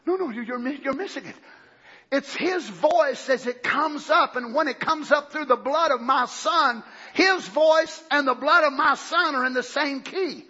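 A man preacher voicing God as a gentle, loving heavenly father who speaks in a hushed, tender way, in a dull lo-fi recording. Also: very high-pitched, unhurried, heavily acted.

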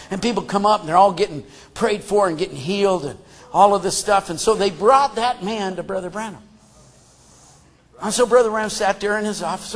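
A high-voiced male preacher in full sermon, folksy and plain-spoken. He swings from loud, shouted emphasis down to hushed asides. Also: expressive, normal speed, vocal fry.

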